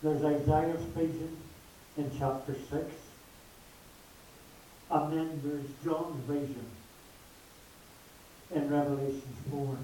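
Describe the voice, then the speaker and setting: A man preaching a sermon slowly and emphatically, his voice rising on repeated words. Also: on the high side, steady tone, dark tone. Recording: echoey hall from far off, faint hiss.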